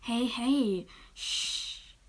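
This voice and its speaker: A woman voicing a caring, excitable teenage boy who comforts his friend, as whispered role-play. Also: a little high, very slow. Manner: urgent then soothing, half-whispered.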